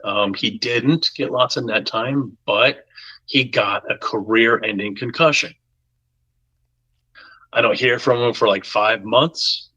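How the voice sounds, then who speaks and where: A man telling a story on a podcast in a casual, animated way, acting out the voices of the people in it. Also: medium pitch, slow, breathy edge, muffled recording. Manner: animated, acts out quoted voices. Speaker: podcast guest.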